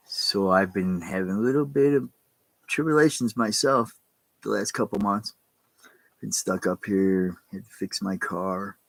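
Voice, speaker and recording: A man's voice: on the low side, unhurried, vocal fry, no room sound, rough recording. A man, a pastor, giving a casual, rambling sermon in plain spoken words with some mild cursing. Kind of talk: casual streamed sermon talk.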